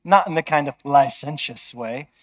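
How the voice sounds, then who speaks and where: A man's voice: on the high side, moderate pace. A man preaching a sermon in an emphatic, conversational way, often checking with listeners.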